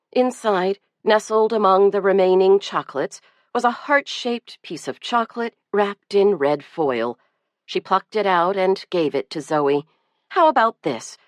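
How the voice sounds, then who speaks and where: A woman narrating an audiobook in an expressive, lively reading. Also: lowish voice, dry recording. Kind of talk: scripted narration.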